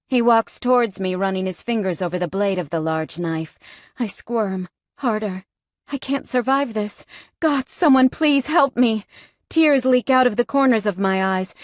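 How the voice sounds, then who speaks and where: A woman's voice: fairly high pitch, dry recording. A woman narrating a first-person audiobook in a tense, frightened tone, recorded close on a studio mic.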